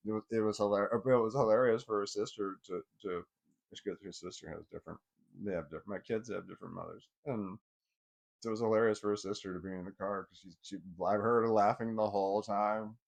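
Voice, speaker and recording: A man's voice: on the low side, fairly even intonation, fast talker, vocal fry. Rambling, profane middle-aged man. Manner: rambling and profane, with many restarts. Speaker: vlogger. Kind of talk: casual personal storytelling.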